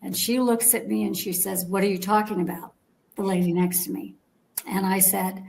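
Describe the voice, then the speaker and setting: A woman telling a personal story as an interview guest. She talks in a lively, chatty way, acts out the voices of the people in her story, and keeps asking her listeners whether they follow. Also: medium pitch, normal speed, creaky, low-quality recording. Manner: animated storyteller, acts out quoted dialogue, checks in with "okay?".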